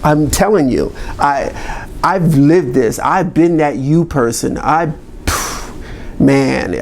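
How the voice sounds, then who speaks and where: A man's voice: on the high side, gravelly, darkish tone, a little hiss or hum. A man giving a motivational talk to camera, emphatic and repetitive in a pep-talk manner. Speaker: motivational speaker.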